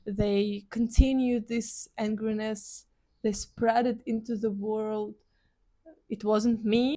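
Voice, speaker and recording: A woman vlogger talking earnestly and from the heart in a personal reflective monologue, pausing and restarting as she goes. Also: fairly high pitch, a little mellow.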